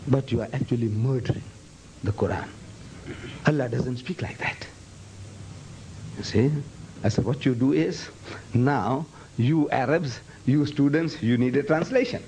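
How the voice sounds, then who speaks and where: A man's voice: medium pitch, normal speed, pauses often, warm tone, slight background noise, rough recording. A man giving a public lecture to students. He speaks emphatically, repeats phrases for effect and breaks into Arabic recitation. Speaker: Islamic lecturer.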